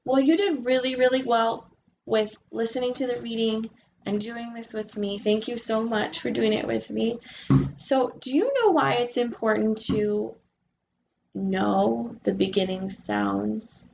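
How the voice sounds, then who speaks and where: A woman's voice: on the high side, vocal fry, darkish tone, slight background noise. A woman tutoring a young child in reading, patiently sounding out letters and encouraging her. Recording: echoey room recording.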